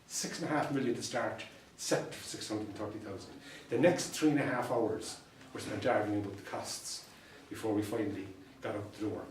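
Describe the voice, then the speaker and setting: An Irish solicitor and mediator giving an anecdotal talk to fellow professionals, telling stories with dry humour and repeated punchlines. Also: male voice, on the low side, fairly quick, slight background noise. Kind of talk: anecdotal presentation to a professional audience. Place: meeting room. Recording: distant mic in an echoey room.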